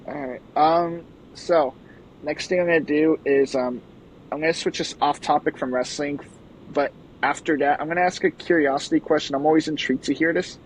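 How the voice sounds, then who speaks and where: A man hosting a casual interview, reacting warmly and asking questions. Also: fairly high pitch, fairly even intonation, slight background noise, rough recording. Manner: encouraging, quick reactions. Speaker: podcast host.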